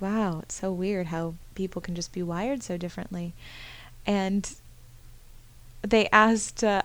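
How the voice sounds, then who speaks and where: A woman hosting a personal podcast monologue, candid and self-deprecating, often laughing at herself. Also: mid-range voice. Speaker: podcast host.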